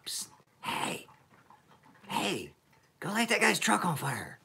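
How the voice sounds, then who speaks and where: A sly, hissing whiskey spirit leans in close and whispers bad ideas in a whispered role-play, as a man puts him on. The voice rides higher than a man's everyday talk, urgent and conspiratorial. It lands on each temptation like a dare. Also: big pitch swings, measured pace, vocal fry, sharp tone, heavily acted.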